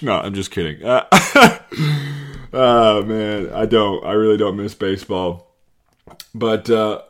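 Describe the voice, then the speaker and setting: A man in his thirties hosting a solo podcast from his basement. He rants and jokes, jumping from loud mocking bits to low muttered asides. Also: takes it slowly, long pauses. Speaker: podcast host. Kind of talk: solo comedic rant. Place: home basement.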